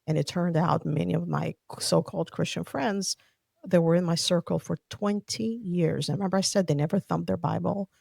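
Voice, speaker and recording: A woman's voice: on the low side, fairly even intonation, normal speed, vocal fry, darkish tone, breathy edge, no echo, studio quality. A woman from the Soviet Union telling her faith story as a podcast guest, earnest and heartfelt. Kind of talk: personal faith testimony.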